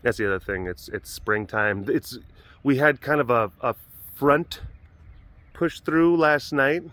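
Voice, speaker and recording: A man's voice: mid-range voice, unhurried, a bit bright, no echo. A man hosting a casual vlog outdoors at an animal facility, telling a story in a jokey, rambling way full of restarts. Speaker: vlog host at an animal sanctuary.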